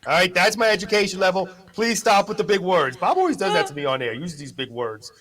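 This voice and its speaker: A man's voice: high voice, animated, quick pace, fairly bright tone. A man doing the news on a live local morning show, bantering in a jokey, self-deprecating way. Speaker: news presenter.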